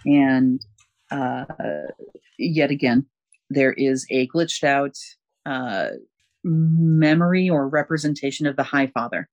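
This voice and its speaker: A man's voice: mid-range voice, slow, no room sound, muffled recording. Rambling man recapping a story. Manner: rambling, lots of fillers, chuckles. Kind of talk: casual comic book recap.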